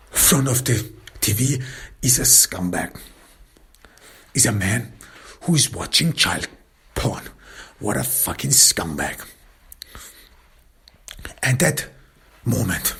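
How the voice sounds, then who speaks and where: A man narrates a grim first-person crime tale, intense and hushed, often sliding into whispers. His voice is deep-set, husky and heavily gravelly. He takes his time over every phrase. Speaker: storyteller.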